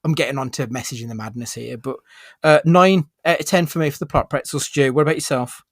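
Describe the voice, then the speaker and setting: A man's voice: medium pitch, quick pace. A man talks films in an easygoing podcast chat, steering each rating category in turn. His voice sits in a middle register. The sound is dry and close, with no room echo. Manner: relaxed, leads the rating categories. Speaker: podcast co-host. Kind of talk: casual film review chat.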